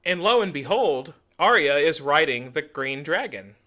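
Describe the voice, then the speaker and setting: Man, young adult, podcast co-host, casual chat, bright tone, animated retelling. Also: a little high, moderate pace. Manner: animated storytelling, acts out characters' lines.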